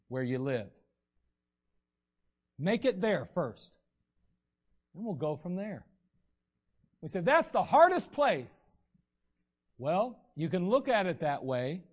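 High-voiced preacher on a dull recording. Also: male voice, darkish tone. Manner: conversational preaching, acts out quoted voices. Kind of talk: sermon.

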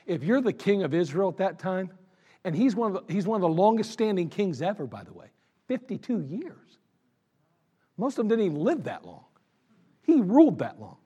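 Male pastor, high pitched, fervent sermon delivery with big dynamic swings. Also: big pitch swings, moderate pace, breathy edge. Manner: emphatic, swings from loud exhortation to low intimate talk.

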